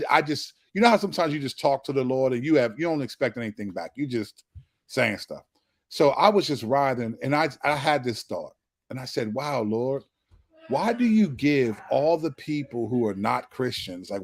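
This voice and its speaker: Male host, casual storytelling monologue, lively delivery, dry close sound. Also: mid-range voice, no room sound. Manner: animated storytelling, acts out quoted dialogue.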